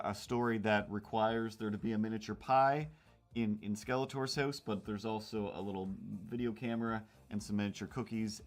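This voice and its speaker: A man hosting a casual drawing livestream, rambling and self-mocking as he chats with viewers. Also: fairly low pitch. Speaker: cartoonist streamer.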